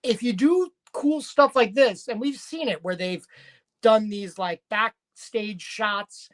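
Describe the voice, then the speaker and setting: A woman's voice: a little high, slow pace. A woman casually recapping a wrestling show, chatty and rambling with frequent fillers and restarts.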